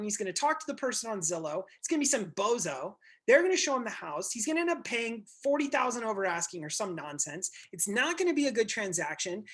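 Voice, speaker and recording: A blunt male real estate coach talking to his group over a video call. He gets animated, acts out little scenes and swears freely. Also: high-pitched.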